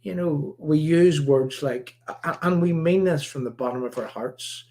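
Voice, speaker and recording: A man from Ireland, hosting a political commentary livestream in an emphatic, repetitive, halting way. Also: on the high side, a little mellow. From Northern Ireland. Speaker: livestream host.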